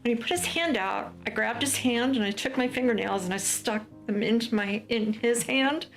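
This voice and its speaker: A woman's voice: on the high side, moderate pace, creaky, faint music behind. A woman from the United States, speaking in a documentary interview and telling her story, often acting out what others said. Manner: storytelling, acts out quoted lines of others. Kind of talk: documentary interview, recounting a personal ordeal.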